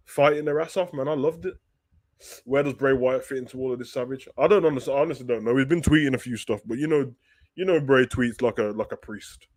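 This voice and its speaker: A man hosting a live wrestling talk stream, reading viewer questions aloud and answering them in loose, slangy, animated chat. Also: medium pitch. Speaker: wrestling talk show host.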